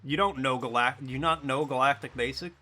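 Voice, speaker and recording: A man's voice: medium pitch, brisk, bright, forceful tone, faint music behind. A man streaming a video game, chatting loosely and jokily with casual swearing. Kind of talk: casual gaming stream chat.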